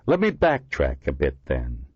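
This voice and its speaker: A man doing a gruff, irritable police lieutenant. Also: very deep voice, wildly swooping pitch, a little slow, no room sound, voice pushed down, heavily acted. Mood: impatient. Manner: gruff, blunt. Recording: dull lo-fi dry recording.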